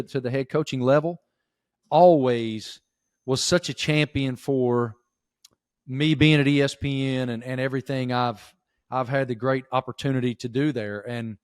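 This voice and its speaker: A sports reporter from Giles County in rural Virginia, with a Southern Appalachian accent, appears as a guest in a casual interview. His medium-pitched voice is recorded in studio quality with no echo. He talks emphatically and folksily, calling the host "bro" and "dude."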